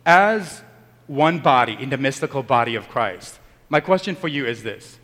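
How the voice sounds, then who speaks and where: A man's voice: mid-range voice, animated, normal speed, a bit bright, long reverb tail. A man, a Catholic priest, giving a Sunday homily in a conversational storytelling manner, acting out the people in his stories. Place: church.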